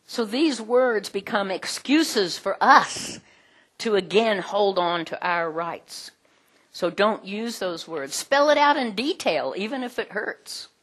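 A middle-aged woman teaching a group in a conversational way, animated, with many fillers. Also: medium pitch, unhurried. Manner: animated, acts out quoted voices, frequent fillers.

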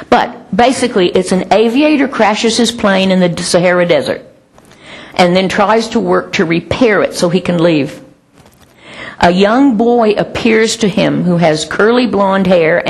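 A woman preaches a sermon in a chatty, animated way, full of asides and restarts. Her voice sits on the low side and sounds husky, with a gravelly fry on it.

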